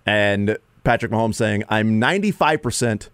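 A man hosting sports talk radio, rambling and animated, who sometimes mimics players in a raised voice. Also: lowish voice, a little fast, no room sound, studio quality.

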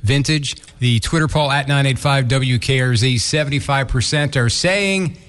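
A man's voice: mid-range voice, normal speed, a bit bright, smooth. A man hosting a morning radio show, teasing and arguing in casual banter. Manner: teasing, argumentative.

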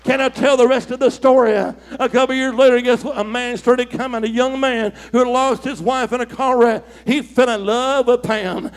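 A middle-aged male preacher telling a story in a fiery sermon, calling for shouts and whooping. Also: very high-pitched, steady tone, moderate pace, hardly any pauses. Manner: call-and-response, shouting, whooping.

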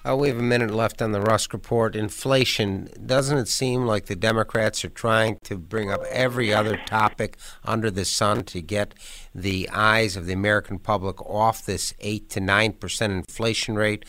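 A man hosting a radio talk show, asking measured, leading questions. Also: lowish voice, steady tone, a bit bright. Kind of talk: radio interview.

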